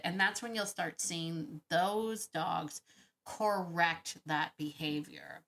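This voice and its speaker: A woman hosting a dog-training Q&A, talking casually and thinking out loud with frequent laughs. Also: on the low side, steady tone, slow pace. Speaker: dog trainer podcast host. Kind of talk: casual Q&A monologue.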